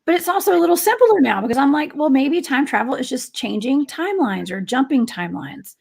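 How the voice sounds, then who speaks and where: A woman's voice: high-pitched, expressive, brisk, gravelly, a little mellow. A woman hosting a radio talk show, chatting casually and reacting to her guest with short interjections.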